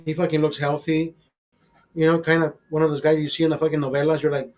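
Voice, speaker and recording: A man's voice: on the high side, flat delivery, quick pace, soft background music. A young man, the host, telling a long casual story in a rambling, heavily profane way. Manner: profane, rambling, mimics voices.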